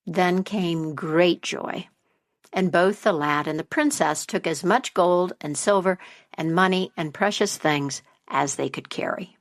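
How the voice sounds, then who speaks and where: A woman telling a folk tale as a podcast storyteller, slow and expressive. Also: fairly low pitch.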